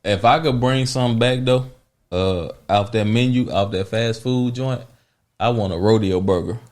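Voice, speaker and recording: Lower-voiced young Texan man teasing. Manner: teasing, profane, quick to laugh. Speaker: podcast co-host. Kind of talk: casual chat.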